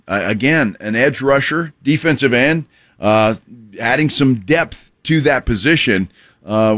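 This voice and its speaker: A man's voice: medium pitch, a bit bright, no room sound, studio quality. A man hosting a sports talk radio show, rambling in a folksy way with many fillers and restarts. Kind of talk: casual talk radio monologue.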